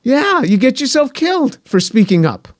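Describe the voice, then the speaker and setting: A man in his sixties giving earnest personal testimony as an interview guest, repeating phrases and going soft and hushed when moved. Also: very high-pitched, big pitch swings, normal speed, no echo, clean studio sound. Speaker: guest, scientist.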